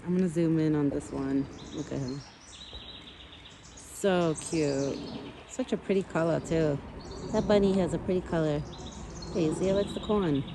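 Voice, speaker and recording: A woman's voice: low voice, normal speed, long pauses, background noise. A woman filming herself outdoors on a phone, chatting casually and cooing at the animals she feeds. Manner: coos sweetly at animals in a raised baby-talk voice. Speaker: vlogger feeding wild animals. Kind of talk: casual chat. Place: outdoors in a yard by woods.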